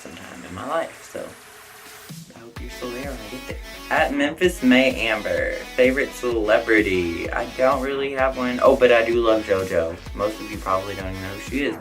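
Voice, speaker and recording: A man's voice: mid-range voice, fairly quick, poor audio. Young man, casual vlog Q&A, chatty, outspoken, faint music behind. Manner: chatty, outspoken, lots of "like" and "I don't know". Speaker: vlogger answering viewer questions.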